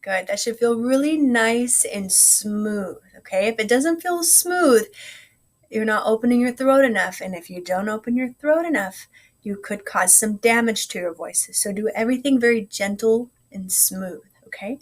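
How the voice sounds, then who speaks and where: A female music teacher leads vocal warm-ups, coaching gently and encouragingly. Her slightly scratchy voice is a little high, and she speaks at a normal speed.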